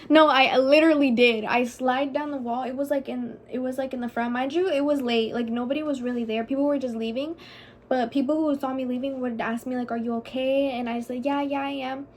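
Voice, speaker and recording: High-voiced young woman telling a story. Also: steady tone, fairly quick, darkish tone, slight background noise. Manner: chatty and profane, heavy use of "like". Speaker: vlogger. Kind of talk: casual storytime.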